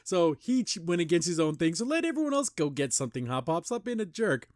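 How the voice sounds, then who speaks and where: A man hosting a cartoon review show, chatting casually and enthusiastically, rambling with lots of "like" and "you know" and jumping up in pitch when he praises a scene. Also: big pitch swings, fast, a little mellow, no room sound, clean studio sound.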